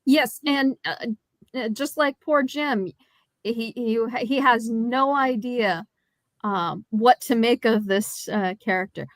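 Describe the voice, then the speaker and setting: A woman co-hosting a podcast, informative and analytical, speaking in a measured casual chat about an old film. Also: on the high side, no room sound. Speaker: podcast co-host. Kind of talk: casual movie review chat.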